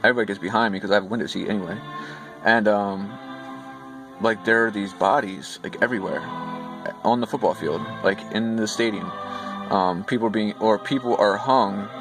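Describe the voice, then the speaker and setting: A man with a low, gravelly voice casually retells a dream in a loose, rambling way, full of fillers and restarts. Clear music plays steadily behind him. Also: a little fast. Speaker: vlogger recounting dreams. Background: background music.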